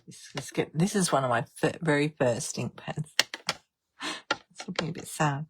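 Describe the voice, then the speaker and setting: A woman's voice: sits low, moderate pace, background noise. A woman demonstrating card making on a live stream, chatting and thinking aloud as she decides. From Australia. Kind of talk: live crafting stream chat.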